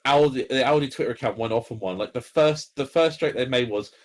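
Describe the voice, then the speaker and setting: A man co-hosting a casual podcast. He tells stories in a rambling, halting way, full of ums and restarts, in a voice of everyday pitch. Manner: rambling, halting storyteller with many fillers. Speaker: podcast co-host. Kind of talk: casual chat.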